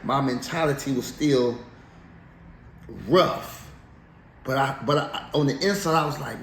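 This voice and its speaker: A man telling his life story in a casual interview, animated and slangy, laughing as he goes. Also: mid-range voice, a little slow, long pauses. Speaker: interview guest. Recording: echoey room, faint background noise.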